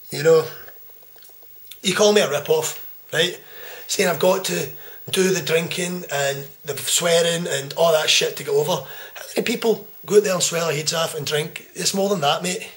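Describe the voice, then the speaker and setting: Taunting young Scottish wrestler, cursing freely. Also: male voice, on the high side, steady tone, unhurried, pauses often. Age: 20s. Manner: taunting, profane, swings from loud to hushed. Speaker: pro wrestler. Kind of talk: trash-talk wrestling promo.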